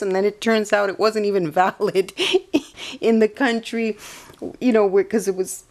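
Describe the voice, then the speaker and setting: A woman telling a rambling personal story in a soft voice, meandering, correcting herself and often laughing. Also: mid-range voice, fairly even intonation, normal speed. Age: adult. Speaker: vlogger.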